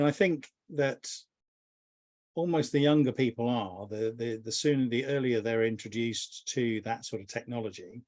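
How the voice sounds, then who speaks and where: A man's voice: mid-range voice, a little mellow. A middle-aged man, a business mentor, giving a long, thoughtful interview answer with frequent restarts. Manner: rambling, thoughtful, many restarts. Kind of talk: reflective conversational answer.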